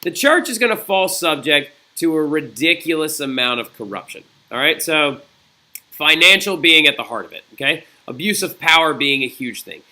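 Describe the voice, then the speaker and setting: A man's voice: a little high, expressive, moderate pace, bright, forceful tone. A man teaching a recorded history lesson in a chatty, digressive way, often checking in with "right?" and "okay?". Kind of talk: recorded classroom lecture.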